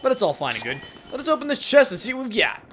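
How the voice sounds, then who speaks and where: A young man rambling excitably and self-deprecatingly through his commentary on a game. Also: very high voice, fast talker, slight background noise. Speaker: let's play host. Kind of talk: casual gameplay commentary.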